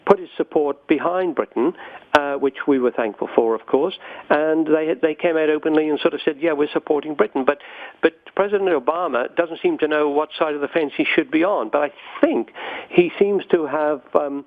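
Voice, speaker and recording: A middle-aged man from the Falkland Islands speaks down a thin, tinny phone line, his voice sitting a bit high. He talks chattily as an interview guest, full of "you know" and false starts. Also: moderate pace. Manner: chatty, many fillers and restarts. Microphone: telephone.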